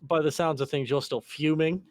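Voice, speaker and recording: A man running a tabletop game as game master over voice chat, halting and full of restarts. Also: a little high, fairly even intonation, dry recording, clean studio sound.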